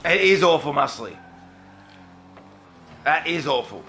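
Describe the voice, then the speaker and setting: A man's voice: on the high side, big pitch swings, measured pace, sharp tone, faint music behind. A young Australian man with an Australian accent, chatting casually with viewers on a livestream and answering them by name. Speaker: streamer.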